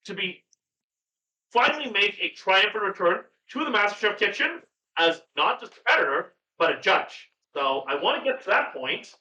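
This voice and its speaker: Excitable rambling man, far from the mic. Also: sits high, moderate pace. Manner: rambling, excitable, swears casually. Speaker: podcast guest, cooking streamer. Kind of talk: casual chat. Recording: far-off, roomy, dull sound with hum.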